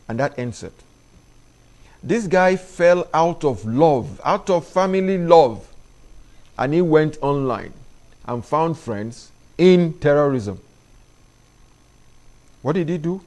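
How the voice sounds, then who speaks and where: A middle-aged man delivers a preachy opinion monologue to parents. His voice sits a little high for a man. He leans hard on his points, pushing up in pitch when he stresses them. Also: animated, slow, pauses often, darkish tone. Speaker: commentary show host.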